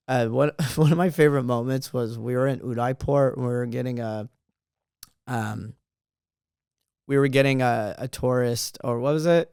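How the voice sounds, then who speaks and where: Playful young comic guy rambling thru stories, gravelly but smooth voice, dry close sound. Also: medium pitch, no room sound. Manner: playful, laughs often, trails off with fillers. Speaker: comedian. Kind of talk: casual storytelling.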